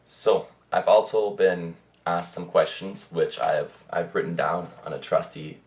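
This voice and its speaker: Deep-voiced young man from Germany chatting. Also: measured pace, darkish tone. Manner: chatty, rambling, many fillers and restarts. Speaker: pet vlogger. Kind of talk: casual monthly update vlog.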